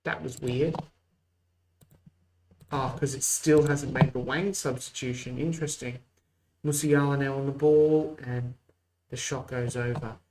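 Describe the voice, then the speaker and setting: A man's voice: mid-range voice, steady tone, measured pace, pauses often, a little mellow, slight background noise, poor audio. Man giving casual game commentary. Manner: mock play-by-play, muttered asides. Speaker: host.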